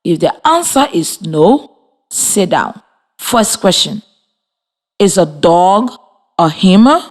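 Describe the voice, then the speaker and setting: A woman teacher giving a scripted radio lesson to children, encouraging and clear, spelling words out letter by letter. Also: lowish voice, big pitch swings, slow pace. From Liberia. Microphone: radio studio mic.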